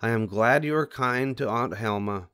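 An older man voicing a gentle mother of three girls, speaking calmly and softly instructive. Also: on the high side, slow, pitched above the performer's own voice, heavily acted. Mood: tender.

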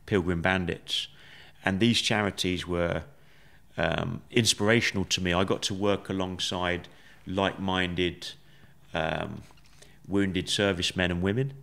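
Low-voiced man telling his story. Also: steady tone, creaky, fairly bright tone. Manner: measured, reflective, with many fillers. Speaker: podcast guest. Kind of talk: conversational storytelling.

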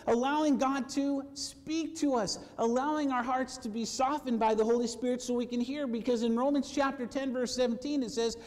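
A man preaching a sermon to his congregation, lively and conversational, calling for amens and acting out quoted voices. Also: very high-pitched, long reverb tail. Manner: animated, acts out quoted voices, asks for amens. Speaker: pastor. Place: church sanctuary.

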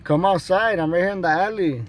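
Talking to his viewers, a vlogger films on his phone from his truck and an alley, teasing and laughing a lot. He has a high, brisk voice.

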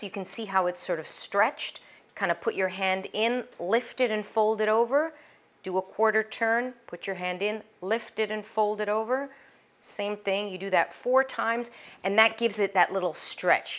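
A middle-aged woman hosting a casual cooking demonstration, chatty and enthusiastic, with a loud, projecting voice, talking to the viewer as she works the dough. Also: mid-range voice, moderate pace. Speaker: cooking show host.

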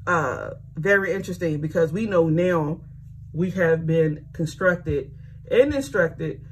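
A woman's voice: deep voice, expressive, measured pace, a little hiss or hum. A woman casually reading scripture aloud and adding chatty commentary. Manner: chatty, conversational asides and fillers. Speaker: Bible reading host.

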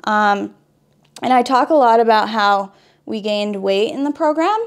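A woman's voice: on the high side, a little slow. A young woman from Wisconsin telling a personal story in a casual vlog while doing her makeup, full of "like" fillers and restarts. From Wisconsin, USA. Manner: chatty, lots of "like" fillers and restarts. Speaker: beauty vlogger.

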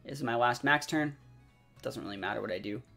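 A young man chatting excitedly as he commentates his own competitive game match, full of fillers. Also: medium pitch, brisk, gravelly. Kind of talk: live gameplay commentary. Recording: faint background music.

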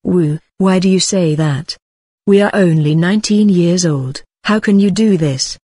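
A woman's voice: on the low side, a little slow, mellow, husky, no room sound, studio quality. A woman voicing two frightened nineteen-year-old girls who plead in a storybook reading.

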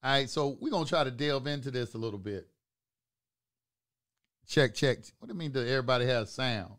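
A man's voice: medium pitch, brisk, fairly bright tone. Emphatic man preaching to his viewers. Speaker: host of an online talk channel. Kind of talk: live-streamed monologue to viewers.

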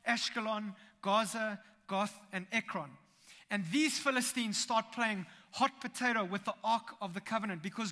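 A man preaching a sermon in a church, telling the story in a lively way with humorous asides. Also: high-pitched. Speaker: pastor. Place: church sanctuary. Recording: long church hall reverb.

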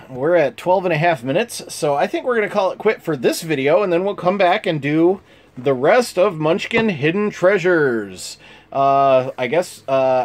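A man hosting a casual card game review, reading cards in an amused, chuckling, unhurried way. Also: fairly high pitch. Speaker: channel host.

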